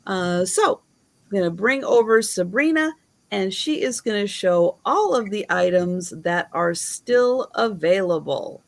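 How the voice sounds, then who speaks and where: A woman hosting a live online sale, showing items slowly and admiringly and counting down the bidding. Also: mid-range voice, animated, creaky. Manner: slow, admiring, auctioneer-style counting.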